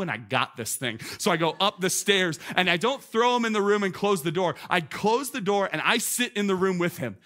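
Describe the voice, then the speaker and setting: A man in his thirties preaching a sermon, animated and conversational, with many "like" asides. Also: high voice. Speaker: pastor.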